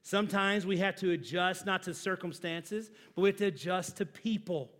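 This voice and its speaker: A pastor preaching a sermon, moving from loud emphatic lines to low hushed phrases, chatting with and joking with his congregation. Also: normal speed. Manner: conversational, asks the congregation questions and jokes with them.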